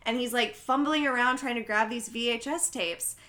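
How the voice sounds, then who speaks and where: A woman's voice: fairly high pitch, normal speed, pushed and bright. A woman casually recapping a film's scenes, chatting with many fillers.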